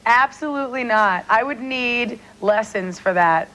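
A woman's voice: a little high, a little slow, a bit bright, poor audio. A woman appearing as a guest on a talk show by remote link, chatty, giggly and self-deprecating. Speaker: celebrity guest. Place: remote link from New York.

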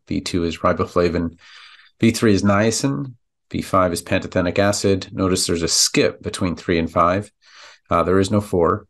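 Guy with a low gravelly voice, laid-back podcast lesson, lots of uhs. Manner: relaxed, chatty, with many fillers. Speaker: pharmacist podcast host. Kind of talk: narrated slide lesson.

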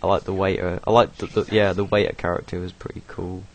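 A young man with a British accent talks loosely over his own animation, his voice sitting a little low. He rambles, swears offhandedly and laughs at his own asides, like a casual home voice-over. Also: little pitch movement, fast talker, gravelly. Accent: British English. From Britain. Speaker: video creator doing commentary.

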